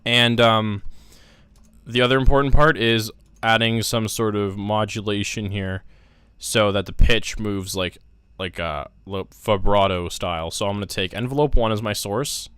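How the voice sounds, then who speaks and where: A man's voice: lowish voice, steady tone, unhurried, fairly bright tone, clear, resonant tone, dry recording. A young man casually walking through synthesizer settings in a music production tutorial, thinking aloud with fillers as he works. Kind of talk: casual screen-recorded tutorial.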